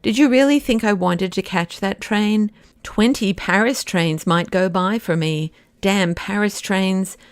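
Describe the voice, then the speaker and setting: A woman reading an audiobook, voicing an excitable male nobleman who pleads and rants. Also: medium pitch, unhurried, clear, resonant tone, dry recording, lightly acted. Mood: frantic. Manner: exasperated, pleading, then bursts of ranting insults. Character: flamboyant middle-aged male nobleman, frantic.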